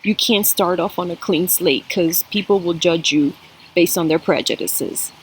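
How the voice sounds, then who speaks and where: A tarot and coffee-cup reader gives a spiritual cup reading to camera, speaking earnestly and emotionally straight to her viewers. Her voice is on the low side at a normal speed. The recording is rough, with a little hiss or hum.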